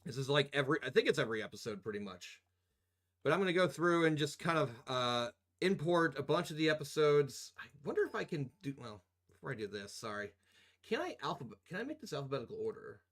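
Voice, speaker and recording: A young man streams himself editing video and talks casually to his chat. His voice sits a bit high and swings widely in pitch. He rambles, swears freely, jokes around and breaks into laughter often. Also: big pitch swings, fast, fairly bright tone.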